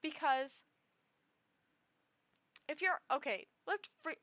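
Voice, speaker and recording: Tipsy, rambling high-voiced woman. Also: slow pace, pushed and bright, dry recording. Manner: rambling and emotional, with many restarts. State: tipsy after two shots. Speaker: streamer reading online posts. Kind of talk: casual reaction commentary.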